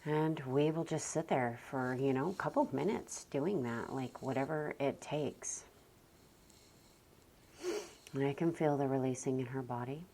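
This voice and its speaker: A young woman speaks to her viewers in a very low, hushed voice, slow and deliberate, sometimes sinking nearly to a whisper. Her manner is gentle and reflective, and a faint hum of room ambience sits behind her. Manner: soft, slow and gentle, often near a whisper. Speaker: parenting vlogger. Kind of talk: calm reflective talk to camera.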